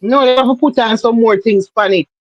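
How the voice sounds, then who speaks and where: A woman's voice: a little high, quick pace, dry recording, low-quality recording. Emphatic woman with a Jamaican accent. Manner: emphatic, repetitive, lecturing. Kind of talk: casual livestream chat.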